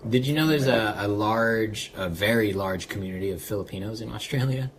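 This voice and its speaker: Low-voiced joking young man. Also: a little hiss or hum. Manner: crude, laughing, joking. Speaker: podcast co-host. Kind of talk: casual chat, comedy game.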